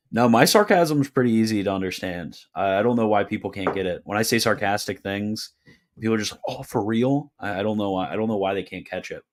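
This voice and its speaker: A young man hosting a livestream, casually answering chat questions with offhand, deadpan replies and quick jokes. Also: fairly low pitch.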